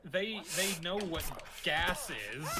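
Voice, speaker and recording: A man's voice: high voice, takes it slowly, crowd noise. A man from Texas chatting on a gaming stream with a dry, skeptical manner. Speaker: livestream guest. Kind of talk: casual livestream chat.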